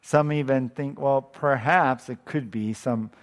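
A pastor giving a casual, conversational sermon, thinking aloud and often chuckling. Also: male voice, medium pitch, unhurried.

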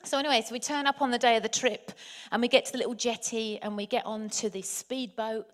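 Woman from england telling a story, lively and chatty, kinda high-pitched, keeps talking right to the listeners. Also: quick pace. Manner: chatty, animated, talks to listeners as people. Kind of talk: anecdotal storytelling.

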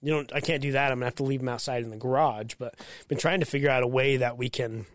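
A man co-hosting a podcast, telling stories in a casual, profane, animated way. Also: medium pitch, fast talker, dry recording. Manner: profane, storytelling, animated when quoting. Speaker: podcast co-host. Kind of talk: casual chat.

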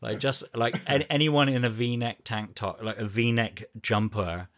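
A man's voice: medium pitch, steady tone, unhurried, a bit bright, a little hiss or hum. A man co-hosting a casual film review chat, enthusiastic and stumbling over his words. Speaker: film podcast co-host.

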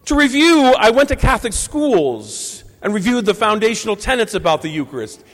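Male Catholic priest, 50s, measured homily delivery with pauses, high voice, long church echo. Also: very animated. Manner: measured, reflective preaching with deliberate pauses. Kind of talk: Sunday homily.

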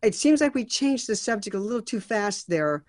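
A woman's voice: mid-range voice, very animated, normal speed, darkish tone, no room sound. A woman acting as a songwriting mentor, giving thoughtful feedback on a song draft with frequent restarts and fillers.

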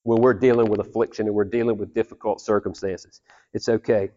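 A man's voice: on the low side, flat delivery, a little fast, mellow, in a large hall, lo-fi sound. A man preaching a sermon as pastor, earnest and conversational, often repeating phrases for emphasis.

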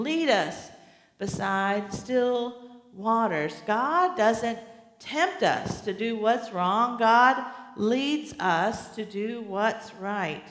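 A woman pastor preaching a sermon in a slow, deliberate way, repeating key phrases for emphasis. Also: medium pitch. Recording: echoey hall, long reverb.

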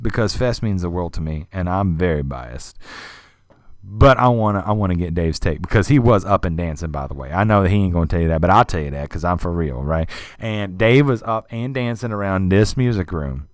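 Animated man telling a profane story. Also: sits low, moderate pace, no room sound, studio quality. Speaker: podcast host. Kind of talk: casual chat.

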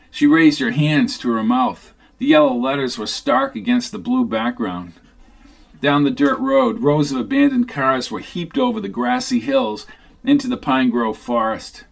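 A man reading a novel aloud as narrator, in a steady, even manner. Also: medium pitch. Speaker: audiobook narrator. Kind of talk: scripted narration.

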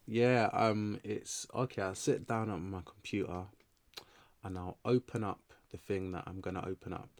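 A man's voice: on the low side, fairly even intonation, moderate pace, no echo. A young adult man from England, a writer and actor talking casually in an interview, loose and rambling with many fillers and restarts.

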